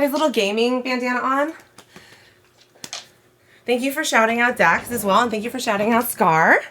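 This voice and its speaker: A woman's voice: on the high side, quick pace, a bit bright. A woman livestreaming from home, chatting casually and rambling to her viewers. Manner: chatty, rambling, talks to chat. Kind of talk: casual live-stream chat.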